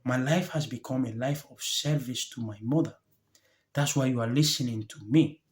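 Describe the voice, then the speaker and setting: Speaking straight to camera, a male life coach delivers a reflective motivational monologue in an ordinary middle pitch. His tone is earnest and gentle, his phrases short and halting with pauses between thoughts, and he sounds openly moved.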